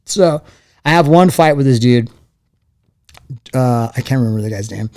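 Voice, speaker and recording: Animated man in his late forties, storytelling. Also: medium pitch, normal speed. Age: 40s. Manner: animated storyteller acting out quoted voices. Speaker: interview guest, former fighter. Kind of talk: casual storytelling interview.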